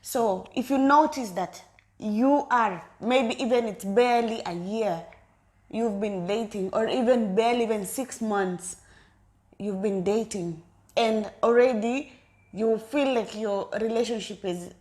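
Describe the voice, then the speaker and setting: A woman's voice: fairly high pitch, unhurried, darkish tone. A woman co-hosting a relationship talk with her partner, speaking directly to viewers in a chatty, repetitive way. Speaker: co-host of a couple's channel. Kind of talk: casual chat.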